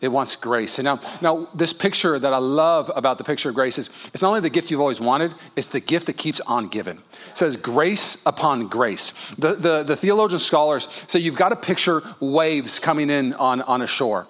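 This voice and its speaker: A male pastor preaching a sermon at a church service, telling stories and acting out voices with lively energy. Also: on the high side, moderate pace. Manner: animated storytelling, acts out dialogue.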